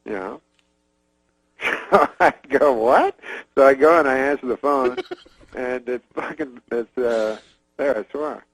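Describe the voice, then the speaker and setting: A man from Canada, telling a long casual story as a comedian guest in a rambling, halting, deadpan way. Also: mid-range voice, low-quality recording. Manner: rambling, halting, deadpan, many fillers and restarts.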